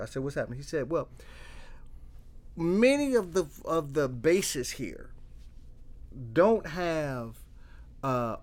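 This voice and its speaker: A man's voice: on the high side, slow, pauses often. Middle-aged guy, therapist, telling stories, acts out all the back and forth, restarts a lot. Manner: animated storyteller, acts out dialogue, repeats and restarts. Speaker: trauma therapist. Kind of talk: storytelling in casual conversation.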